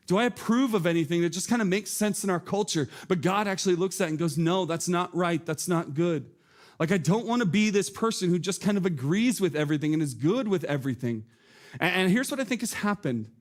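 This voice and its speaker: A man preaching a sermon from a church stage, earnest and conversational, asking the congregation questions. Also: high-pitched. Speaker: pastor.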